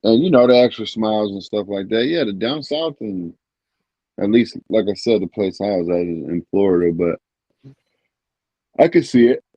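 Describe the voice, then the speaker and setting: A man in casual livestream chat, talking in a relaxed, rambling way. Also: on the low side, moderate pace, no echo, lo-fi sound. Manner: rambling, relaxed, many fillers. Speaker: panel guest.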